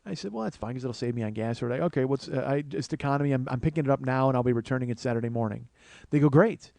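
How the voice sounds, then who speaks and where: A man telling a long comic story on his show, swearing often, starting in low murmurs and building to excited, rising outbursts. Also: very fast, gravelly, no echo. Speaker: comedian and podcast host. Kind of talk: storytelling monologue.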